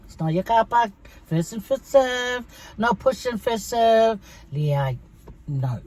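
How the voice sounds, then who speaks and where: A middle-aged woman talks straight to her viewers in a relaxed vlog. She tells stories in a chatty, friendly way, calling her audience guys. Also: a little high, takes it slowly. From Samoa. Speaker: vlogger. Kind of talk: casual mukbang chat to viewers.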